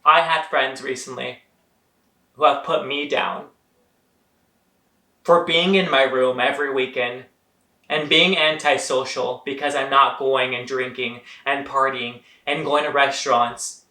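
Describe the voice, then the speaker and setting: Young guy vlogging, earnest pep talk to the viewers, bright kinda high voice, echoey room. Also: fairly even intonation, unhurried. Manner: earnest, talks straight to viewers, calls them guys. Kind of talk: motivational vlog monologue.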